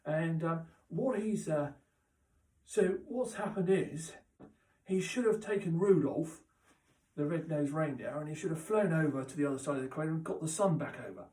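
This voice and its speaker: A man doing a rambling, deadpan comic monologue, halting and full of restarts and asides. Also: a little high. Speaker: comic character host. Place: chilly indoor room. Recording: roomy echo, mic at a distance.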